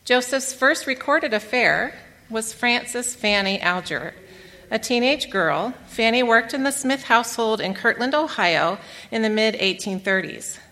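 A woman with a bright, forceful voice gives a talk to an audience, dropping wry, dry asides into her narration. Her voice carries with a long reverb tail through a lecture hall. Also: a little high, animated, measured pace. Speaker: speaker giving a talk.

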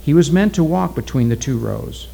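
A man narrating a story as an audiobook in a measured, steady way. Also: a little high, vocal fry, poor audio.

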